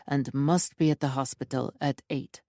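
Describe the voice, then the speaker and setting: A woman reading an audiobook, voicing a grim, protective man who speaks low and steady. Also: moderate pace, no room sound, clean studio sound, close to an everyday voice.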